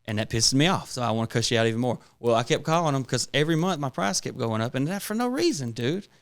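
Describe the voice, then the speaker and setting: A man, co-hosting a casual podcast and ranting with constant profanity and animated retellings. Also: medium pitch, fast talker. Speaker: podcast co-host. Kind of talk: casual chat.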